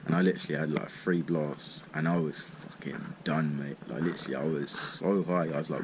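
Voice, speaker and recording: A man's voice: a bass voice, steady tone, brisk, few pauses. A man telling a rambling, sweary story in a laid-back way, smoking as he talks. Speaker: vlogger. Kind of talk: casual storytime. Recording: noticeable background noise.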